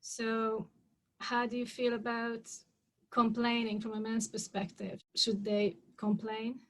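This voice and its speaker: A woman interviews her guest in a calm, conversational manner. Her voice sits fairly high but moves little in pitch. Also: slow pace. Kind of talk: interview questions.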